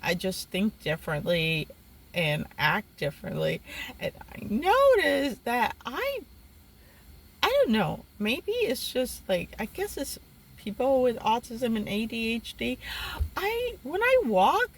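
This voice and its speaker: A young woman telling a personal story in a casual vlog, animated and exasperated, with sudden jumps in pitch. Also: slow, rough recording. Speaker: vlogger.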